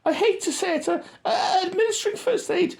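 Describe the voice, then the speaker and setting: A man voicing a young male soldier radioing his base, in a high strained put-on voice that halts with frequent pauses. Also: creaky. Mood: hesitant. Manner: halting, full of uh pauses.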